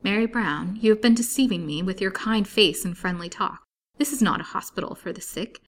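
A woman's voice: medium pitch, a little fast, natural voice. This is an earnest, desperate young woman who pleads to be believed, as a woman reader acts her out. She talks in a storybook reading with a lifted, urgent voice. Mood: anguished. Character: frightened young woman prisoner, pleading and passionate.

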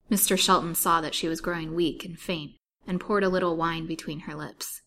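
Woman reading a story aloud, low-pitched. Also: fairly even intonation, moderate pace, fairly bright tone.

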